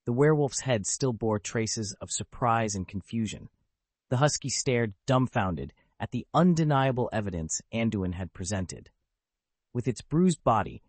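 A man's voice: lowish voice, a little mellow, dry recording. A man narrating a web novel as an audiobook, telling the story steadily.

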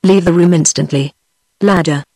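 A woman's voice: fairly low pitch, moderate pace, dark tone, breathy edge, dry recording. A text-to-speech voice with a British English accent, set as a woman, reading the lines of an irascible, pompous old male scholar. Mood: angry.

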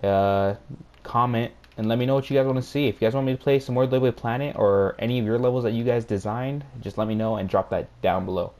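A young man speaks at a quick pace in a medium-pitched voice, with game music under it. As a gaming YouTuber, he gives loose, profane running commentary on his gameplay to viewers, laughing as he reacts out loud.

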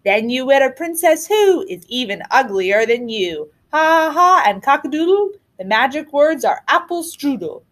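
Woman reading aloud as a cackling old witch, sing-song rhyming chant, high swooping voice. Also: very animated, normal speed, hardly any pauses. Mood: gleeful. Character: cackling old female witch crooning spells.

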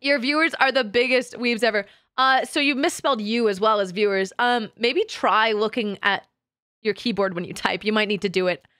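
A woman's voice: fairly high pitch, normal speed, pushed and bright, no echo, clean studio sound. A woman streaming as a VTuber in casual chat, swearing freely and breaking into laughter often. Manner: profane and giggly, swears often and laughs a lot.

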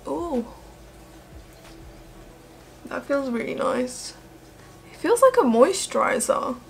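A woman's voice: high-pitched, sing-song, slow pace, gravelly, faint music behind. A young woman chatting through a makeup tutorial as a beauty vlogger, gushing and emotional. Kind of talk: casual makeup tutorial chat.

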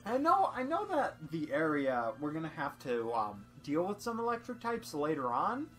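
A woman's voice: low-pitched, wildly swooping pitch, moderate pace. A young woman doing goofy, rambling let's-play commentary with frequent laughs, over faint game music. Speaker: game streamer.

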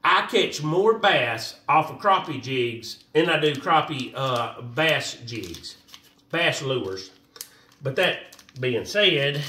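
A man with a drawl talks fishing gear in a loose, rambling way, his pitch leaping up and down as he goes. His voice is bright and high for a man. It sounds roomy and slightly off-mic, with faint noise behind. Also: distant mic. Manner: rambling, animated, talks to viewers as y'all. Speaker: fishing vlogger. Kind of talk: casual how-to vlog.

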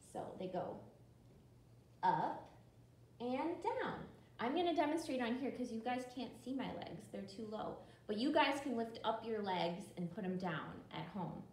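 A young woman librarian leading a children's storytime, talking slowly and encouragingly to kids at home. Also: medium pitch, a little hiss or hum. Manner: slow, bright and encouraging, talks to children at home. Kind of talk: children's storytime with action songs. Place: library room. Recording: roomy echo from a distant camera.

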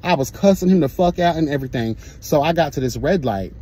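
A man telling a story in a sassy, profane, animated storytime rant. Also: fairly high pitch, quick pace, slightly rough. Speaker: vlogger.

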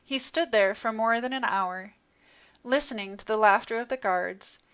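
A woman narrating a story in an expressive, dramatic reading style. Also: medium pitch. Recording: dull lo-fi recording.

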